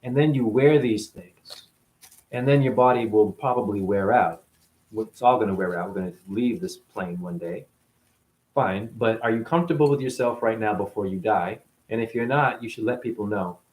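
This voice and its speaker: A man's voice: lowish voice, moderate pace, darkish tone, echoey room. A man hosting a spiritual talk show, rambling through a monologue full of rhetorical questions and playful asides.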